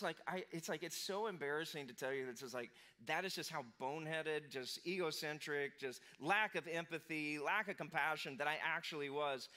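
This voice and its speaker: A man's voice: a little high, a little fast, hardly any pauses, bright, forceful tone. A man in his forties, a pastor, giving a casual, self-deprecating sermon told as a personal story. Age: 40s.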